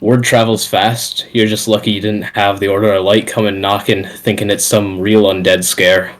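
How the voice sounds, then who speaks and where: A man's voice: fairly low pitch, flat delivery, normal speed, lightly acted. A man voicing a big, stern male warrior who firmly scolds a young thief. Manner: firm, scolding.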